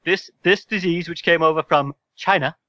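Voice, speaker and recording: A man's voice: fairly high pitch, moderate pace, pushed and bright, dry recording, lo-fi sound, voice pushed up. A man doing a brash, blustering politician. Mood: scornful.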